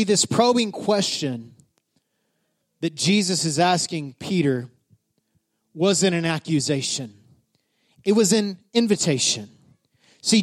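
High-voiced, animated male preacher. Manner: animated storyteller, builds to shouting. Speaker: pastor. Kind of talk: sermon.

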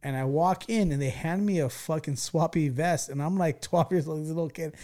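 A man from California spins a podcast story, animated and salty, peppering it with quick check-ins to his listeners. His voice sits a little high for a man yet sounds mellow and warm. The talk is loose and casual. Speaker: podcast host.

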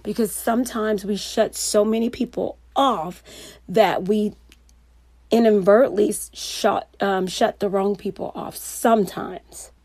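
A woman coach giving a motivational talk, telling stories in a lively, anecdotal way and laughing often. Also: medium pitch, a little slow, dry recording.

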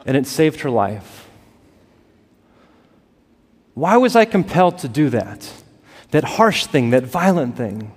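A man preaching a sermon as pastor, building to emphatic peaks and dropping to soft, quiet lines. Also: medium pitch, very animated, slow pace, pauses often, husky. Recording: long reverb of a large hall.

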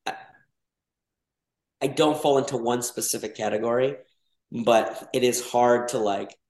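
A man from Mexico talking in a relaxed podcast chat, midrange in pitch. He rambles, doubles back on his words and leans on fillers. The room around him rings with a noticeable echo. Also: a little slow. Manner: rambling, many restarts and fillers. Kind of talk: casual podcast conversation. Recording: roomy echo.

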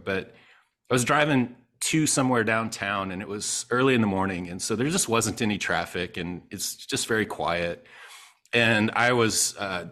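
A man chats loosely on a podcast, his voice bright and forceful and pitched a little low. He rambles through a story with plenty of fillers, slipping into quoted voices. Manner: animated anecdote-telling with many fillers and quoted voices. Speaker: podcast co-host. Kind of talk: casual chat, storytelling.

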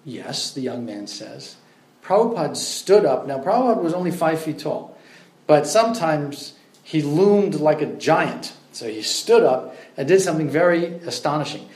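A man's voice: a little high, lively intonation, moderate pace, darkish tone. Conversational man lecturing in a roomy space. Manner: conversational, many fillers, storytelling. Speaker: religious lecturer. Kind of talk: lecture on scripture. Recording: roomy echo.

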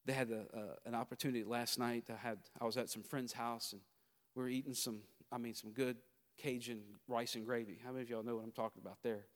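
Southern pastor preaching in a reverberant hall. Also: male voice, mid-range voice, fairly even intonation, fast. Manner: preaching with swells from quiet storytelling to loud exhortation. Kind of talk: sermon.

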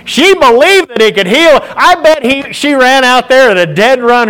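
High-voiced preacher guy, super animated sermon, swings up and down a lot. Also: moderate pace, few pauses. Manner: animated, emphatic storytelling. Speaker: pastor.

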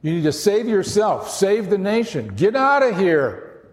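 A man's voice: sits high, big pitch swings, measured pace, in a large hall. A man preaching a sermon as pastor, earnest and emphatic.

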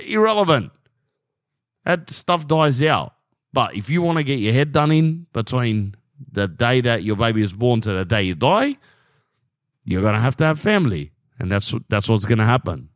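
A man's voice: mid-range voice, dry recording. Australian man, 30s, solo podcast host; loose, joking ramble, dry close recording. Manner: rambling, jokey, keeps saying "bro". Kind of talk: casual solo podcast monologue.

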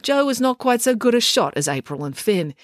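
A woman, narrating a children's audiobook in an expressive storytelling manner. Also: fairly high pitch, brisk, no echo, studio quality. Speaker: author and narrator.

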